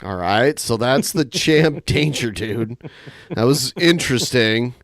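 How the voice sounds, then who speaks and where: A man's voice: medium pitch, animated, slow, a bit bright, dry recording, studio quality. A man hosting a podcast in a casual, rambling chat full of fillers and hesitations. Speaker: podcast host.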